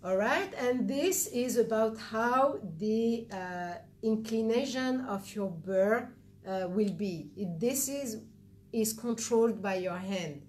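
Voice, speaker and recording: A woman's voice: a little high, animated, slow pace, a little hiss or hum. A woman whose first language is Arabic, giving a live dental teaching demonstration and explaining each step patiently, with many fillers. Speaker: dental instructor.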